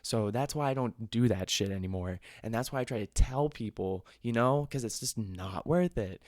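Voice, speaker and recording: A man's voice: fairly low pitch, moderate pace, darkish tone, no room sound, clean studio sound. A young man, host of a podcast, telling a rambling, profane story in a casual way.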